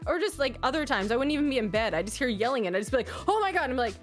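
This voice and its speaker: A young adult woman from Canada chatting as a podcast guest, telling animated stories, swearing freely and acting out the quotes. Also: on the high side, rapid-fire, soft background music. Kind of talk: casual chat on a live podcast.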